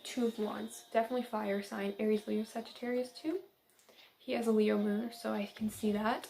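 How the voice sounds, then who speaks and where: A chatty, giggly young woman from central Illinois talks through a casual tarot reading in an upbeat, friendly way. Her voice sits at an ordinary middle pitch. A steady hiss and some clicks run behind her. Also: moderate pace, gravelly. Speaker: tarot reader.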